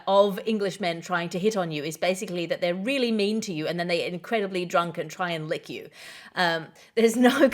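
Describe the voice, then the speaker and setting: A woman hosting a comedy news podcast, introducing stories drily and passing them to her guests. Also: medium pitch. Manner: dry, wry delivery, handing over to guests. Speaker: podcast host.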